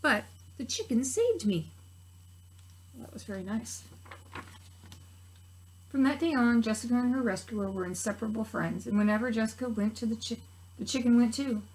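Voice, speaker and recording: A woman teacher reading a picture book aloud to preschool children, gently expressive with soft asides to her listeners. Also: fairly high pitch, fairly quick, pauses often, slight background noise, poor audio. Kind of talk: children's story read-aloud.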